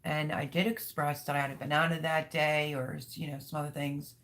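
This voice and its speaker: A woman streams live from home in a casual chat, rambling frankly and reading comments from viewers. Her voice is low and a bit bright, with flat delivery and a fairly quick pace.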